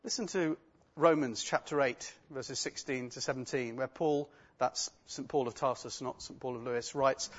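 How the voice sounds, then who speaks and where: A man's voice: medium pitch, moderate pace, fairly bright tone. A man preaching a sermon, reading scripture and telling stories with wry asides in an earnest way. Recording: dull lo-fi recording.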